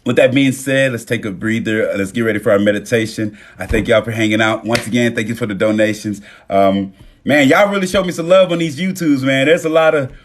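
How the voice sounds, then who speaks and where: A man's voice: medium pitch, fairly even intonation, brisk. A man hosting a phone live stream, speaking casually and emotionally, swearing freely and thanking viewers by name. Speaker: livestream host.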